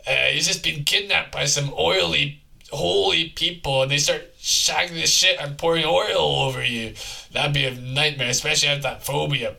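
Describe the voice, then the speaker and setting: A man voicing a crude, four-armed, time-traveling male freak from the future, ranting in a raspy, rambling, gleefully absurd way. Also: on the high side, sharp tone, full character voice. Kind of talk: improvised comedy bit.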